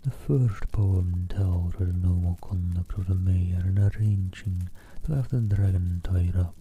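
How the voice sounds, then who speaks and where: A man reading a storybook aloud in a soft, half-whispered ASMR style. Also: low-pitched, a little slow, breathy edge, phone-quality sound, faint music behind. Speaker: storyteller and streamer.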